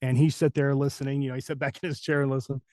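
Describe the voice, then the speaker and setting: A man who works as a voice actor, telling a story as a podcast guest in a lively, casual way and acting out the people he quotes. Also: mid-range voice, racing, dry recording, clean studio sound. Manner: animated, acts out the people he quotes.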